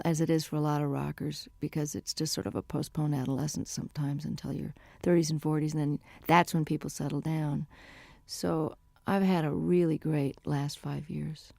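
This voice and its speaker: A woman's voice: deep voice, vocal fry, a little mellow, no room sound, clean studio sound. A woman in her forties, a musician guest talking candidly and chattily in a radio interview. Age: 40s. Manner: chatty, candid and self-deprecating.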